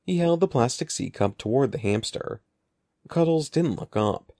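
A man narrating an audiobook in an expressive, lively storytelling manner. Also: medium pitch, moderate pace, no echo, studio quality. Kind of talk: scripted narration.

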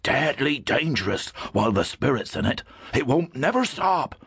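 A husky, grave old man. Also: medium pitch, very animated, a bit bright, no echo, studio quality, full character voice. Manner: rustic old-fashioned dialect, measured and grave. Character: wise old male gyptian elder, protective.

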